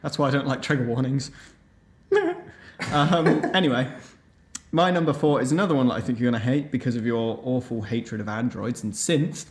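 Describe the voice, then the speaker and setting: A man in relaxed podcast chat, steady and dry, with sarcastic little asides. His voice sits at an ordinary middle pitch. The room around his mic rings with echo. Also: moderate pace. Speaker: podcast co-host. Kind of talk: casual chat. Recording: echoey room.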